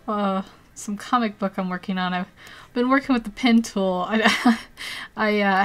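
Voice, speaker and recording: A chatty American woman talks to her live-stream viewers while she works on a drawing. She giggles often between phrases and pokes fun at herself. Her pitch sits in the middle range for a woman. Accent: General American. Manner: chatty, self-deprecating, reads and answers chat.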